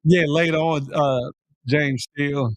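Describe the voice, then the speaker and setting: Unhurried and steady in tone, his voice sits a little high. He's a middle-aged man hosting a morning livestream, reading comments from viewers in laid-back, slangy banter and laughing a lot, recorded dry.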